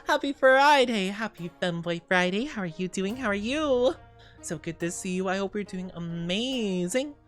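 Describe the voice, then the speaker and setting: Her casual stream chat is gushing and bubbly: she says hello to chat, keeps wishing everyone well, and uses lots of cutesy slang. She speaks expressively at normal speed in a middle pitch, soft music faint underneath.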